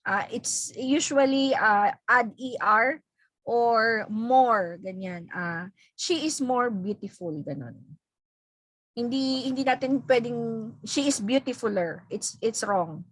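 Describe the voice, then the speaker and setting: A woman teacher with a Filipino accent, explaining grammar to an online class in a patient, halting way full of fillers and repeats. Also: on the high side, a bit bright, no room sound, poor audio. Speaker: English teacher. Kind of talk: online class lesson, mixing English and Filipino. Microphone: video call.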